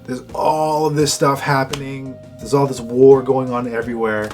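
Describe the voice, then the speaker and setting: A man's voice: mid-range voice, little pitch movement, moderate pace, darkish tone, faint music behind. A man co-hosting a casual show review, talking in an exasperated, rhetorical way. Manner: exasperated, rhetorical, mimics characters. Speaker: co-host.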